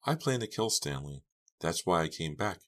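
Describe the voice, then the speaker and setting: A man reading the part of a calm, cold woman who holds a gun on people. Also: low voice, moderate pace. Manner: calm, hard and quiet.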